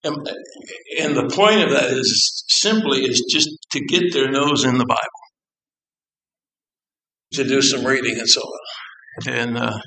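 A man talks to a congregation about his prison ministry work. His delivery is plainspoken and rambling, full of side remarks and pauses as he collects his thoughts. His voice sits at a middle pitch for a man. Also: pushed and bright, slight background noise, low-quality recording. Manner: halting, with frequent pauses. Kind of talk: informal church talk to a congregation.

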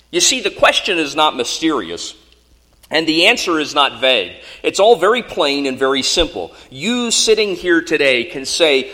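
A man's voice: medium pitch, big pitch swings, measured pace, bright, forceful tone. A man preaching a sermon in an earnest, emphatic way, often asking the congregation questions. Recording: long hall reverb.

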